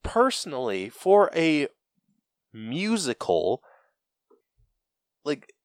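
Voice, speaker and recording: A man's voice: on the high side, wildly swooping pitch, extremely slow, dry recording, clean studio sound. A man co-hosting a podcast in casual chat, rambling with lots of fillers and laughs. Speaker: podcast co-host.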